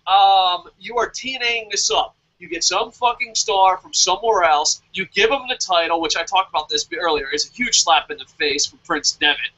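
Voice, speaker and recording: A man co-hosting a wrestling review show, swearing constantly and working himself up into shouted rants. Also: sits high, lo-fi sound. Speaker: wrestling podcast co-host. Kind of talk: profane ranting review.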